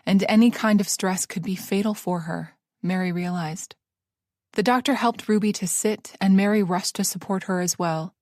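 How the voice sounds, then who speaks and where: A woman's voice: mid-range voice, darkish tone, dry recording. Woman reading a novel, dry and close. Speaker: narrator. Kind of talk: scripted audiobook narration.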